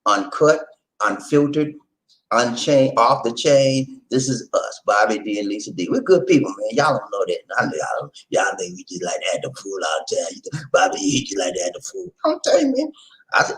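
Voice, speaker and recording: A middle-aged man hosting his vlog at home, telling stories in a folksy, animated way and talking straight to his viewers. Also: mid-range voice, moderate pace, low-quality recording. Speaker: vlog host. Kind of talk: casual storytelling chat to camera. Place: home in the Philippines.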